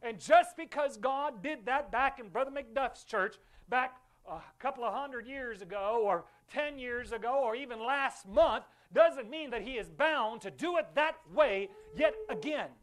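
In a church sanctuary, a male pastor preaches a fervent sermon and has the congregation repeat after him in call-and-response. His very high voice has lively intonation and runs a little slow, with hardly any pauses.

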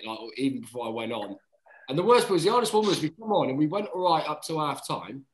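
Swearing rugby player telling a story, echoey. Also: male voice, mid-range voice, quick pace. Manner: swears freely, says mate constantly; animated, acts out quotes. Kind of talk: casual storytelling chat.

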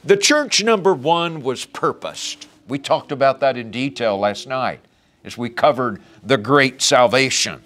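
A man's voice: medium pitch, expressive, a little slow, fairly bright tone. A man preaching a sermon, quoting and explaining Scripture verses.

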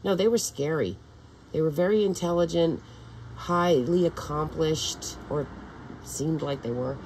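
A woman's voice: sits low, measured pace, darkish tone, a little hiss or hum, rough recording. An older woman vlogging in a meandering, profane monologue full of restarts. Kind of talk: rambling casual monologue.

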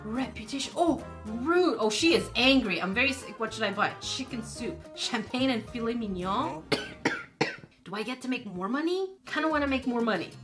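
A woman's voice: fairly high pitch, expressive, moderate pace, over music. A woman gaming streamer giving casual let's-play commentary, playfully reading game text aloud and reacting to it.

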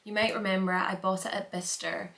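A woman's voice: medium pitch, little pitch movement, fast, vocal fry, a bit bright, reverberant. A young Scottish woman chatting casually through a packing vlog, rambling with lots of filler words. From Scotland. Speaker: vlogger.

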